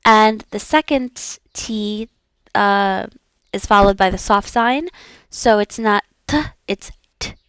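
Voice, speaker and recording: Slow and smooth, this woman's medium-pitched voice has a fairly bright tone, captured dry with clean studio sound. As a language learner practicing aloud, she says each word several times over before modestly and encouragingly explaining its sounds.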